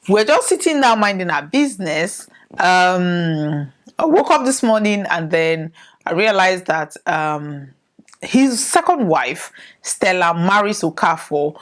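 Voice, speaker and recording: A woman hosting a podcast, chatting and retelling celebrity news. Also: fairly low pitch. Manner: chatty, conversational storytelling. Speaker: podcast host. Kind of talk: casual commentary.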